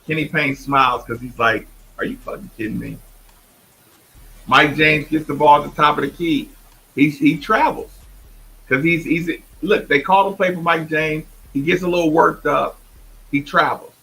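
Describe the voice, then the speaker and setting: A man hosting a sports talk show, emphatic and animated, often imitating others. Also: a little high, normal speed, rough recording. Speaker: host.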